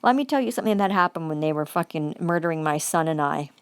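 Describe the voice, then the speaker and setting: A woman's voice: sits low, expressive, fast, clean tone, dry recording. A woman giving an angry, profane vlog monologue, repeating phrases for emphasis.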